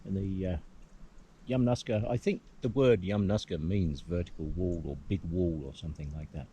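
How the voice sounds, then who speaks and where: A man's voice: sits low, moderate pace, mellow, dull audio, a little hiss or hum. A man with an English accent musing aloud to the camera as he hikes on a hillside. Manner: rambling, musing aloud with many hums. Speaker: hiking vlogger. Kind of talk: casual outdoor vlog commentary. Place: outdoors on a hillside.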